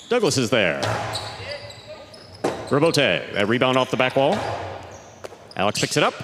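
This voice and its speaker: A man working as arena announcer and play-by-play commentator, calling out player introductions and then the action of the match. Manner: drawn-out booming name calls during introductions; quick, lower play-by-play calls. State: out of breath after introductions. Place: indoor jai-alai fronton. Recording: long hall reverb, faint arena noise.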